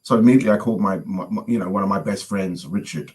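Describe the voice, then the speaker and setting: A man's voice: fairly low pitch, fast, rough recording. A man from London with a London accent, telling a story in a casual conversation and acting out the voices of the people in it. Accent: London English. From London, England. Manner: animated storyteller, acts out quoted voices. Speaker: guest musician.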